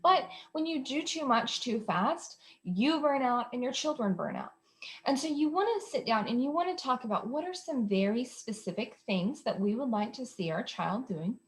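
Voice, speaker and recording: A woman's voice: fairly high pitch, expressive, moderate pace. A woman hosting an instructional talk for parents. She explains behavior strategies in a conversational way, with frequent ums and uhs. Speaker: behavior specialist host.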